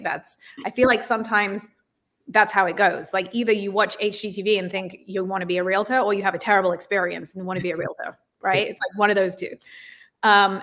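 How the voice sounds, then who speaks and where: A woman's voice: mid-range voice, fairly bright tone. Chatty woman guest on a podcast. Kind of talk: casual interview talk.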